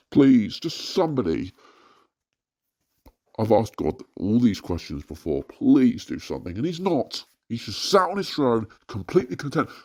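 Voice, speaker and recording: A man's voice: medium pitch, expressive, normal speed, hardly any pauses. A distressed man recording an anonymous personal rant, hesitant with many fillers and breaking into agitated outbursts. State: distressed and frustrated. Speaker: anonymous poster venting about family life.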